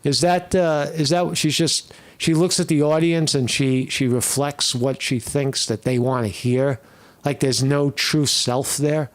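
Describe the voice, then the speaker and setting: A man's voice: on the high side, fairly even intonation, a little slow. A man hosting political commentary, blunt and scornful, swearing often as he reacts to clips. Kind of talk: opinionated commentary over clips.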